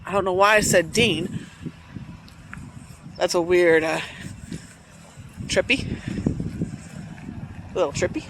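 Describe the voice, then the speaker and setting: A woman vlogging outdoors in a town cemetery, talking in a halting, musing way, repeating phrases and getting emotional. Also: fairly low pitch, a bit bright, poor audio. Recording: outdoor street noise. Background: passing traffic.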